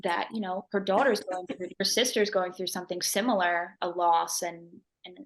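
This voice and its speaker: A woman sharing a personal story in a casual interview, animated and acting out what others said. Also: lowish voice, moderate pace. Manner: animated, acts out quoted voices, laughs often. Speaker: mission trip member.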